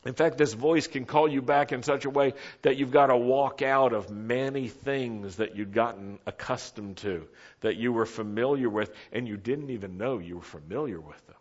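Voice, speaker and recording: A man preaching a sermon in a slow, measured way, his voice dropping almost to a whisper on quiet phrases and rising for emphasis. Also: medium pitch, husky, muffled recording.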